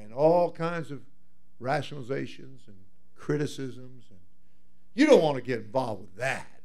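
A man preaching a sermon as pastor, swinging from loud fervent cries to quiet, hushed asides. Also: medium pitch, animated, normal speed.

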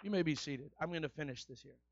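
A man preaching a sermon, shifting from a conversational, folksy delivery to loud, repetitive exhortation. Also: on the high side, fast talker, lo-fi sound, background noise. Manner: builds to loud, repetitive call-and-response preaching.

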